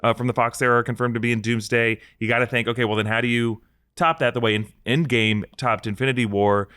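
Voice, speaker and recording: A man's voice: medium pitch, quick pace, clean tone, no room sound. A man hosting a film chat show in a mid-range voice, laying out his arguments step by step. The sound is dry and close, with no room ring. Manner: explanatory, steady, builds arguments. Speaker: host. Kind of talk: casual pop-culture chat.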